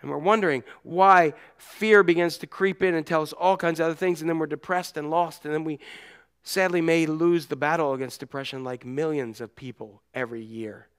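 A middle-aged man preaching a sermon as a pastor, telling stories with animated energy and shouting out the cries he quotes. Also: a little high, fairly quick, clean tone.

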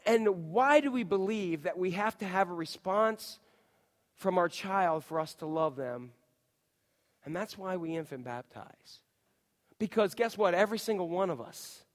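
A male pastor preaches in a reverberant church, and his fairly high voice rings through the long hall echo. He tells stories with energy and slips into little acted voices. He talks straight to the congregation. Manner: animated storytelling, acts out voices and shouts. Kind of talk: sermon. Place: church sanctuary.

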